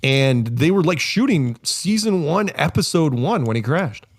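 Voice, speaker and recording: A man, a podcast guest, telling casual, rambling stories with lots of fillers and self-corrections, delivered with wry, deadpan humor. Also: a little high, unhurried, dry recording. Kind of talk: casual storytelling.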